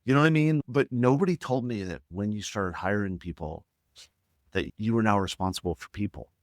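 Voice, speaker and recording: A man's voice: on the low side, fairly quick, no room sound, clean studio sound. A middle-aged man, a company CEO guest on a podcast, telling casual stories and acting out quoted dialogue. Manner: animated, acts out quoted dialogue. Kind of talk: casual storytelling in interview.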